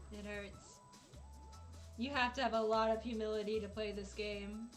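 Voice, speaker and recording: A woman live-streaming while she plays a video game, chatting casually and dramatically, exasperated and laughing often. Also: medium pitch.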